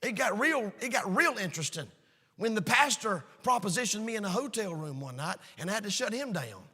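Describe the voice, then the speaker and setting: A man preaching a sermon, emphatic and storytelling, swinging between shouts and hushed asides. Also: high voice, very animated, brisk, husky, long reverb tail. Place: church sanctuary.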